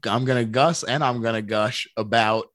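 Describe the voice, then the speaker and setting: Podcast co-host, man, mid-pitched voice, dry close mic, earnest and giggly. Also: normal speed, fairly bright tone, no echo. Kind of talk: casual chat.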